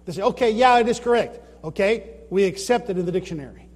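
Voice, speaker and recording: A man's voice: high voice, animated, quick pace, in a large hall. A man giving an informal presentation about his Bible translation work, explaining points and asking the audience rhetorical questions. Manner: explanatory, asks rhetorical questions, retells his own anecdotes.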